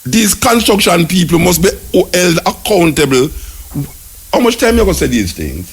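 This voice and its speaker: A Jamaican man from Jamaica, hosting talk radio with animated, ranting commentary. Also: high voice, moderate pace, breathy edge.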